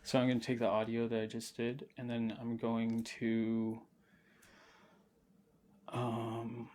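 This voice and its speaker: A man's voice: mid-range voice, monotone, slow, darkish tone, slight background noise. Rambling profane young man streaming late at night. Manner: rambling, profane, laughing, lots of "like". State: intoxicated. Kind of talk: casual late-night livestream storytelling.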